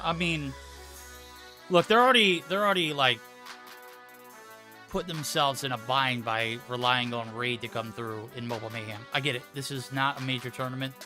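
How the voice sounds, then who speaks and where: A man casting esports, animated and joking, with big swings in loudness. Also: medium pitch. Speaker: esports caster. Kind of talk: esports commentary. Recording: music playing behind the voice.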